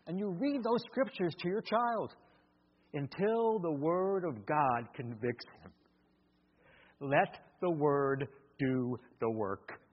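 A man's voice: fairly high pitch, slow pace. A man preaching a sermon to a congregation, acting out the voices of parents and children as he goes. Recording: muffled recording in a large reverberant hall.

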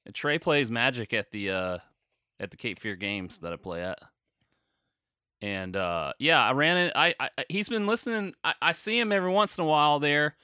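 A man co-hosting a podcast in casual chat, rambling and self-deprecating, quick to laugh. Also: mid-range voice, expressive, sharp tone, clean tone, dry recording, studio quality. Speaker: podcast co-host.

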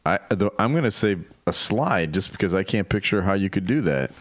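A man's voice: low voice, lively intonation, a little fast, fairly bright tone, dry recording. A man in his fifties co-hosting a casual comedy podcast, easygoing and wry in his reactions. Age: 50s. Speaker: podcast co-host and former radio producer.

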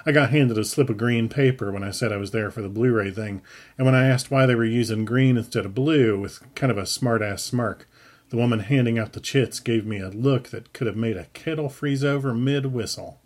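A man reading his own story aloud in a wry, unhurried storytelling manner. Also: mid-range voice, a little mellow. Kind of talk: audiobook narration.

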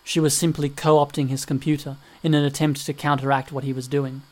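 Steady male audiobook narrator, even pitch. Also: brisk.

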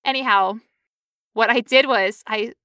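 A young woman telling a long story in casual chat, animated and acting out quotes in high voices. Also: unhurried, clear, resonant tone, no echo, studio quality.

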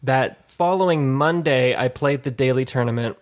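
Rambling, animated man telling a story. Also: medium pitch, moderate pace. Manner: rambling, animated, swears freely, acts out quoted voices. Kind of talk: casual storytelling chat.

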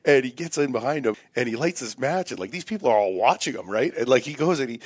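A man's voice: mid-range voice, fast, slightly rough, no echo. A man casually telling a long funny story, laughing often and acting out the lines of the people in it. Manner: animated, laughs often, acts out quotes. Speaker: guest storyteller.

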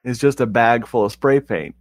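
A man's voice: mid-range voice, animated, normal speed. A man appearing as a podcast guest, chatting about a movie with dry, wry jokes. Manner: dry, wry joking asides. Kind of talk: casual movie discussion.

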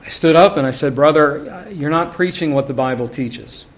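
A middle-aged man preaches to his congregation at a moderate pace, his voice sitting slightly higher than most men's. His delivery is loose and conversational, with the sermon full of personal anecdotes and frequent asides.

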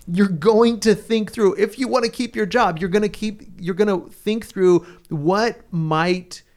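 A man's voice: high-pitched, unhurried, a little mellow. A man co-hosting a Bible study, explaining scripture earnestly with everyday examples in conversational chat.

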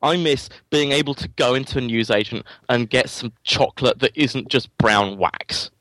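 A man's voice: medium pitch, normal speed, a bit bright, no room sound. An English man speaks as a podcast guest with an accent that has drifted somewhat toward American. He talks in a rambling, self-deprecating way with lots of restarts, in an ordinary mid-range voice, recorded close and dry. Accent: English, softened toward American. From England. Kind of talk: casual interview chat.

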